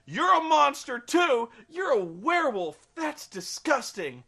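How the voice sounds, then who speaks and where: A man voicing a whiny, disgusted teenage girl who scolds in a shrill voice. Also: sing-song, moderate pace, sharp tone, heavily acted.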